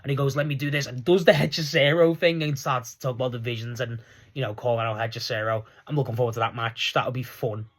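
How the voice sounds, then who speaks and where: A young man casually recapping a wrestling show, excitable and rambling, laughing often as he talks. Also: medium pitch, quick pace.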